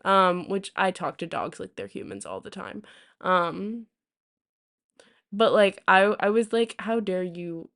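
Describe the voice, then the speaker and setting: A woman's voice: medium pitch, unhurried, gravelly, long pauses, fairly bright tone. A young woman streaming, telling a story to her chat in a casual, rambling way full of fillers and restarts. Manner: chatty, many fillers and restarts. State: hiccups.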